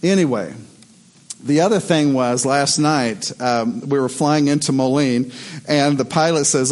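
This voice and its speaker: A middle-aged man preaching a sermon as pastor, telling stories in an animated way. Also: medium pitch, normal speed. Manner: animated storytelling, voice rising in excitement.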